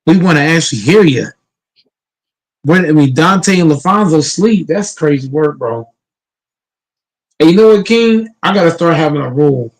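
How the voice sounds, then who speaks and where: A man's voice: a little high, lively intonation, moderate pace, pauses often, poor audio. Emphatic, profane man hosting a sports panel. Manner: emphatic, profane, repeats words when restarting. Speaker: host of an online sports talk panel. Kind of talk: casual sports debate.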